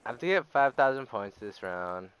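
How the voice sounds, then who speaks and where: A man's voice: medium pitch, big pitch swings, moderate pace, a bit bright, clean tone. A young man streaming a game live, chatting loosely and swearing a lot as he talks to his viewers. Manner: profane, loose and jokey, talking to chat. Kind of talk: casual live-stream gaming chat.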